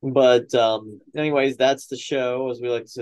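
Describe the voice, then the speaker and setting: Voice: medium pitch, fairly even intonation, moderate pace, darkish tone, clear, resonant tone, low-quality recording. A podcast co-host chatting casually over a video call, rambling with lots of fillers. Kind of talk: casual chat.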